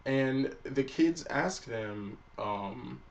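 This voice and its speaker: Casting note: male anime-review vlogger, mid-pitched, relaxed and profane, sitting a little far from the mic. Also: extremely slow, dull audio. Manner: loose and profane, acts out characters' lines. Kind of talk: casual spoken episode recap.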